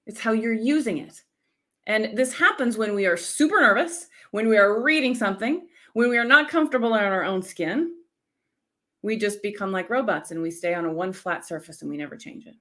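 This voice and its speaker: A middle-aged woman from the United States, an energetic speaking coach teaching a live-stream lesson and checking in often with the viewers. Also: medium pitch, fairly quick.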